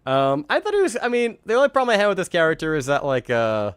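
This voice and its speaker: A man's voice: a little high, huge pitch swings, fast, smooth, no room sound, clean studio sound. A man hosting a live movie review stream, chatting casually, rambling and swearing as he acts out lines from scenes. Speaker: host. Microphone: remote streaming mic.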